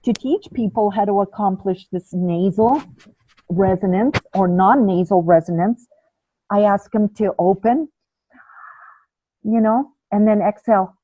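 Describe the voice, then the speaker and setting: A calm, patient woman teaches a breathing class and demonstrates each breath aloud. She speaks slowly in a mid-range voice. Her sound is dry and narrow, like a call heard over a phone. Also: medium pitch, no room sound. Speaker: ayurveda and yoga teacher.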